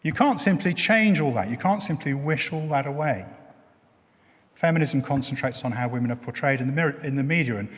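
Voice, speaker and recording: A middle-aged preacher speaks at an average pitch for a man, giving his sermon in a relaxed, chatty way and explaining with everyday examples. His voice carries the long echo of a church hall. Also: fairly quick.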